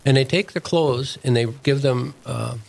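A man's voice: medium pitch, moderate pace, gravelly, darkish tone, low-quality recording. An older man, a deacon and prison chaplain, telling a story in plain, earnest words as an interview guest.

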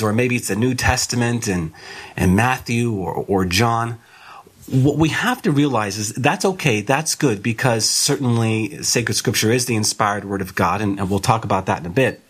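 A man who is a theology guest, explaining a topic in a measured teaching way and slowing down to stress key words. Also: medium pitch, fairly bright tone, husky.

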